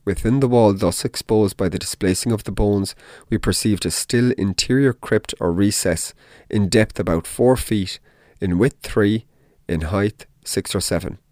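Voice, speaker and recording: Deep-voiced man reading a dark tale. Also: measured pace, no echo, studio quality. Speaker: narrator. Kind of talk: dramatic audiobook reading.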